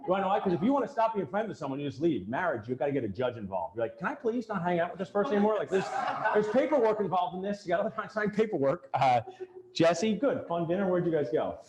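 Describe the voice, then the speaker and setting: Man, lively joking workshop coach, slightly high voice, roomy echo. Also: quick pace, very noisy. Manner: animated, joking, talks straight at the audience. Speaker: dental practice coach leading a workshop. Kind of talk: live seminar talk to a group. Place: event room with attendees.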